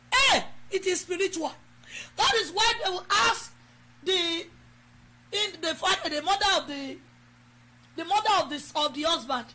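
Nigerian woman preacher, very high and bright, emphatic exhortation, faint hum behind. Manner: emphatic, exhorting, switches into Yoruba. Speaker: preacher leading prayer. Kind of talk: sermon with prayer over a live stream.

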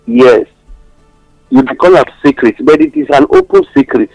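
A Nigerian-accented man talks passionately on a radio show, moving between English and Pidgin as he tells stories. His voice sits high and swings widely in pitch. It has a gravelly texture and a dry studio sound, with faint music underneath. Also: huge pitch swings, moderate pace, a little mellow, no room sound, rough recording. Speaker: radio commentator. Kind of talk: animated radio talk-show commentary.

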